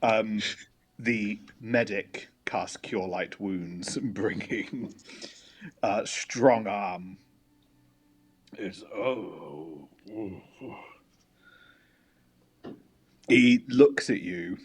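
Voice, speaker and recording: A man's voice: fairly low pitch, drawn-out words. A man running a tabletop game as game master, narrating the action and slipping into whispered asides.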